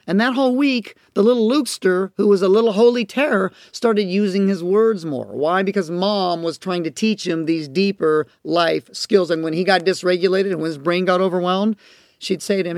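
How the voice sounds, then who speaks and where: Gravelly upbeat man coaching parents. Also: high voice, fairly quick, no echo, studio quality. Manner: storytelling, acts out parent and child voices. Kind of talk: audio course lecture.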